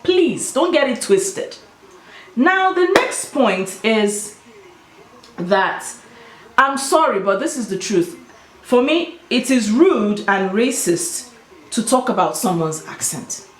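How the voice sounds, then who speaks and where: A woman's voice: on the high side, big pitch swings, slow pace. A Nigerian woman with an Igbo-tinged accent, talking casually and emphatically to her vlog audience. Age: adult with children. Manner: emphatic, explaining and storytelling. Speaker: YouTuber. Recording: echoey room.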